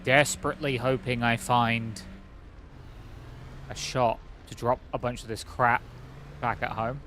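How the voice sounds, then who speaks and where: A man's voice: mid-range voice, steady tone, unhurried, fairly bright tone, slight background noise. A man streaming a game, chatting in a rambling, joking, self-mocking way. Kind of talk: casual gameplay commentary.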